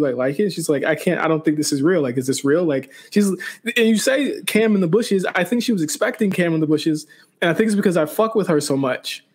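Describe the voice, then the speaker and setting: A young man co-hosting a podcast, telling a story in casual chat with many restarts and quoted back-and-forth. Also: on the high side. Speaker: podcast co-host.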